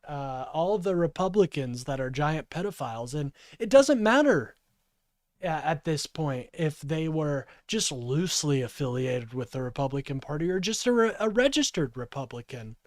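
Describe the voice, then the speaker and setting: A man's voice: fairly high pitch, animated, moderate pace, a little mellow, no echo, clean studio sound. A man in his twenties giving profane, heated reaction commentary on a clip. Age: 20s. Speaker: political streamer.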